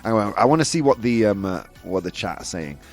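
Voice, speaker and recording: Male host of a live chat show: animated, teasing, laughs a lot, his pitch swinging high and low over faint music. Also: fairly quick. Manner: animated, laughs often, provocative asides.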